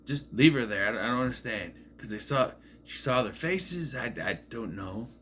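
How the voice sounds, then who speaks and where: A man's voice: medium pitch, animated, normal speed, a bit bright, a little hiss or hum. A man casually recapping a movie in a rambling, musing way, often admitting he is unsure. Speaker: movie reviewer.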